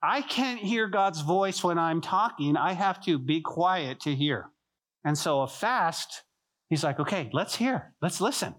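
A man preaching a sermon as pastor, telling stories with lively acted-out voices and dropping to a soft hush on key points. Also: a little high, a little slow. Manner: animated storytelling, acting out biblical figures in voices; drops to soft, quiet delivery on key points.

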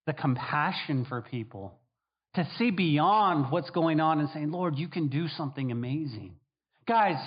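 A pastor preaching a sermon in a fairly high voice for a man. He hammers his points home by repeating them over and over. The recording sounds dull and lo-fi. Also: breathy edge. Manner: emphatic, repeats key phrases, acts out quoted voices.

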